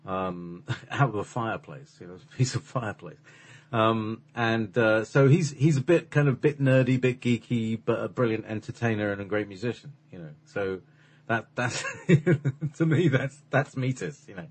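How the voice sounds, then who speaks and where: A man's voice: lowish voice, moderate pace, slightly rough. A man chatting casually and rambling, full of fillers and restarts. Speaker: channeler and voice performer. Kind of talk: casual conversation.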